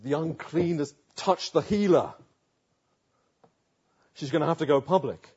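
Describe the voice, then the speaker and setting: A man preaching a sermon, retelling a story with rhetorical questions and dramatic pauses. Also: fairly high pitch, a little mellow, husky, highs cut off.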